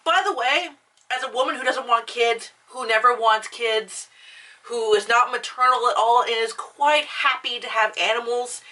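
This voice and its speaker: A woman's voice: high-pitched, sharp tone, far from the mic. A young woman vlogger ranting casually about a film, swearing often, full of fillers and restarts. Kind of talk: casual rant.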